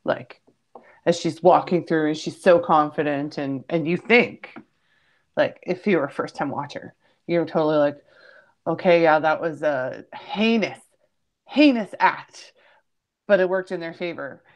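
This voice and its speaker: A woman joins a casual discussion, recounting her reactions expressively. Her voice sits a little low for a woman. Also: measured pace. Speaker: panel guest.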